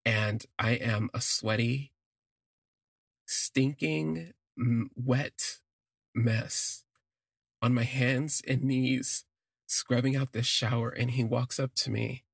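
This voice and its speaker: A man tells a personal story in a gravelly, husky voice, rambling and stopping to correct himself. The recording is close and dry, with no room sound. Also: mid-range voice, fairly even intonation, takes it slowly, no room sound. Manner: rambling, self-correcting, gushing. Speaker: podcast storyteller.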